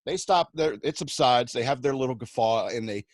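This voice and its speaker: A man's voice: medium pitch, expressive, fairly quick, no room sound. A man on a radio show, telling self-mocking comic anecdotes and acting out the quotes along the way. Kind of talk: comic storytelling.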